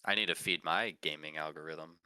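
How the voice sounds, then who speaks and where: A man's voice: extremely low pitch, fairly quick, sharp tone, smooth, no echo. A man co-hosting a casual podcast chat, rambling and searching for words, laughing now and then. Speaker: podcast co-host.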